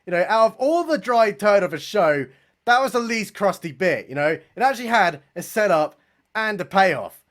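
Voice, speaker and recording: A young man giving sarcastic, mocking commentary as he reviews a comedy special, with deadpan asides and casual swearing. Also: sits high, moderate pace.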